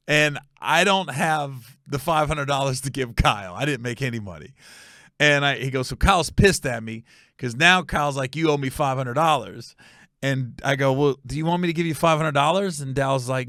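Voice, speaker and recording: A man's voice: mid-range voice, moderate pace, fairly bright tone, no echo, studio quality. A middle-aged man from Ohio telling a casual story as a podcast host, acting out quotes and laughing at his own tale.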